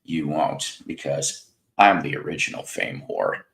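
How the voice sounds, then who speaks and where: Very deep-voiced man in his fifties, slow, sardonic. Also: very animated, vocal fry, fairly bright tone. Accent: American Mid-South. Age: 50s. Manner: rambling, sardonic, talks to chat viewers by name. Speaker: livestream host. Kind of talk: casual livestream chat.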